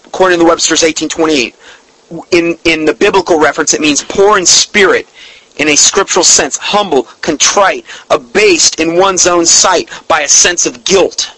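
A man preaching a sermon in an earnest, emphatic way, slowing down to read scripture and definitions, and openly emotional about his subject. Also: fairly high pitch, sharp tone, no room sound, low-quality recording.

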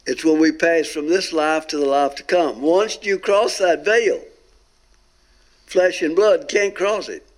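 A man gives his testimony with earnest emphasis. He draws out key words and his voice sits fairly high for a man. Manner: earnest storyteller, drawn-out emphatic phrases. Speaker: guest telling a near-death experience. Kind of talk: recorded testimony talk.

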